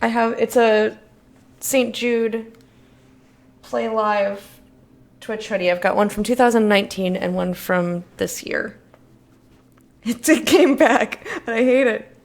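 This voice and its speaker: Casual woman streamer, jumps between excited and mellow, swears freely, laughs a lot. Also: fairly high pitch, slow pace, gravelly, pauses often. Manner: animated, swears, laughs often. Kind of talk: casual let's-play chat.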